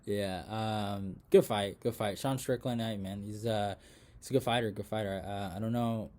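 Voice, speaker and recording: A young man hosting a casual fight recap, rambling with many fillers and restarts, dropping into mumbles, then bursting out loud and excited. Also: fairly low pitch, normal speed. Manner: rambling, lots of fillers and restarts, swears freely; swings from mumbled asides to excited loud outbursts. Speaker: MMA predictions channel host.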